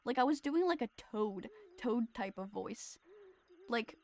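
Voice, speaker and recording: A woman's voice: fairly high pitch, lively intonation, measured pace, a little mellow. A woman streaming a game, chatting casually in a giggly, self-deprecating, rambling way into her streaming mic. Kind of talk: casual livestream commentary.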